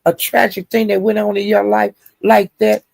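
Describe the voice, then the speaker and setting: Gravelly man dishing profane gossip. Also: sits high, normal speed, no echo. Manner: animated, profane, drawling storytelling. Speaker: livestream host. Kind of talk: casual gossip commentary.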